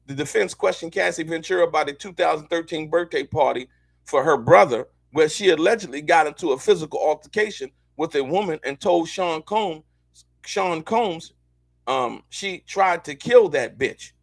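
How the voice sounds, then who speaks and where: A man's voice: a little high, moderate pace, creaky, no room sound. A man hosting a live show, commenting on court news in a loose, slangy way, repeating himself and talking straight to his viewers.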